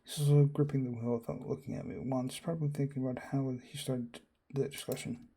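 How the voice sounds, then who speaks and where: Man streamer reading a visual novel aloud, dark husky voice with gravel, all parts in his own voice. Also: mid-range voice, level tone, fairly quick. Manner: reads all characters and narration in his own voice, reacting aloud. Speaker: game streamer.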